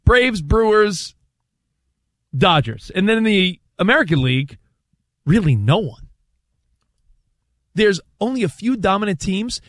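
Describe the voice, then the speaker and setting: Sports host, male, lively and high, dry close mic, rambling sports chat. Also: measured pace, pauses often, no echo. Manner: animated and rambling. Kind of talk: casual sports talk.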